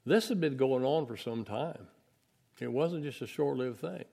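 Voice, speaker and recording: A man teaches a Bible lesson in a relaxed, folksy sermon style. His voice is gravelly at mid pitch. He slips into quoted voices to act out the story. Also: unhurried. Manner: conversational, folksy, acts out voices of disciples.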